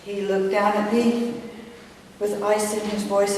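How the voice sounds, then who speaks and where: A woman's voice: mid-range voice, little pitch movement, a little mellow. An older woman giving a dramatic personal storytelling speech at a club meeting, recorded from far off in an echoey hall with faint hiss. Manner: dramatic, measured pauses. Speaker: toastmasters speaker.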